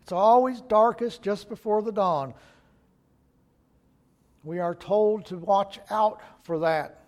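A man's voice: sits high, takes it slowly, darkish tone. A male pastor preaching a sermon in an emphatic way, repeating key phrases for weight.

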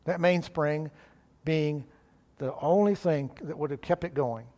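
Earnest higher-voiced male preacher. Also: a little mellow. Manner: earnest, rising in emphasis, slows on key phrases. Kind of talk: sermon.

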